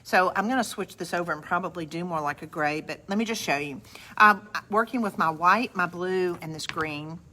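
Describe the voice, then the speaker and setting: A woman's voice: on the low side, moderate pace. A middle-aged woman, hosting a live craft demonstration and chatting with viewers as she works. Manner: chatty, warm asides to viewers. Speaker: craft studio host. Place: craft studio.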